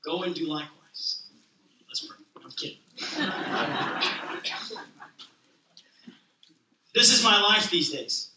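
Pastor guy reading a kids book then joking around, high voice, echoey church room. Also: slow, pauses often, far from the mic, heavy background noise. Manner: lively storybook reading, then casual joking talk. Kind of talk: sermon opening with a read-aloud picture book.

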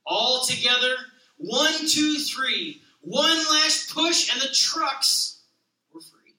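Pastor guy reading a kids book then joking around, high voice, echoey church room. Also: slow, far from the mic. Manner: lively storybook reading, then casual joking talk. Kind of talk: sermon opening with a read-aloud picture book.

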